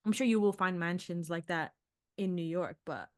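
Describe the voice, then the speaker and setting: Casting: woman podcast guest, slightly low voice, reflective and chatty, dry sound. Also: moderate pace, no room sound. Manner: thoughtful, trailing off into questions. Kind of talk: casual film discussion.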